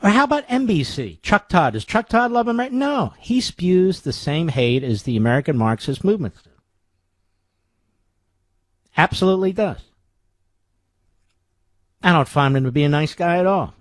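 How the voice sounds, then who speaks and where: A man's voice: sits high, lively intonation, normal speed, long pauses, dry recording. A man hosting a talk radio show, delivering a sarcastic, combative monologue full of rhetorical questions from a studio microphone.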